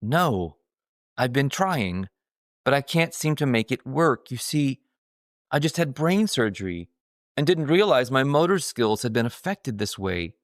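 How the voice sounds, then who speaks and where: A man's voice: medium pitch, big pitch swings, a little slow, no room sound, clean studio sound, pitched above the performer's own voice. A man voicing a frightened elderly woman who speaks politely and apologetically in a shaky voice. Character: frightened elderly woman stuck floating in a pool.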